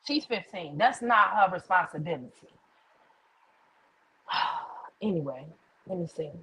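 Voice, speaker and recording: A woman's voice: lowish voice, animated, measured pace, a bit bright, a little hiss or hum, rough recording. A woman hosting a casual livestream, telling a story bluntly with plenty of swearing and answering viewer comments. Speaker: livestream host.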